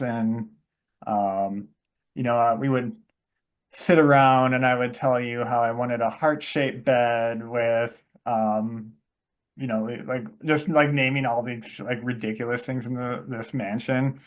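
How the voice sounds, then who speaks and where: A man's voice: mid-range voice, steady tone, a little slow. A man co-hosting a casual movie podcast, rambling with lots of fillers and acting out scenes he retells. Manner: rambling, many fillers, acts out quoted lines. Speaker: podcast co-host. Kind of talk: casual chat about movies.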